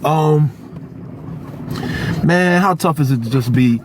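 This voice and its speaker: A middle-aged man ranting casually on the street in an emphatic, slangy, animated way. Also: fairly high pitch, slow, long pauses. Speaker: actor. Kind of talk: casual street vlog rant. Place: outdoors on a street near traffic. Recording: noisy street recording with traffic.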